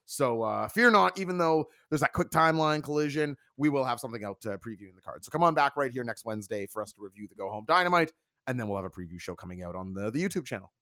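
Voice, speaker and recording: A man's voice: medium pitch, animated, fast talker, a bit bright, dry recording, studio quality. A man hosting a wrestling review podcast, talkative and joking in casual chat. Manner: talkative, joking, plugs the channel.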